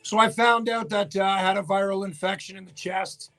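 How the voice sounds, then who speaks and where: A man with a Newfoundland accent hosting a live radio show, hoarse and raspy from laryngitis, chatting casually and greeting viewers by name. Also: high-pitched, fairly even intonation, brisk, a bit bright, faint music behind. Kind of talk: casual live-stream chat. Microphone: webcam setup for live video.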